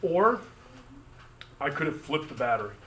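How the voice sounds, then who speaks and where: A man teaching physics to a class, brisk and conversational, with joking asides. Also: a little high, big pitch swings, pushed and bright, a little hiss or hum. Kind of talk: classroom review lesson.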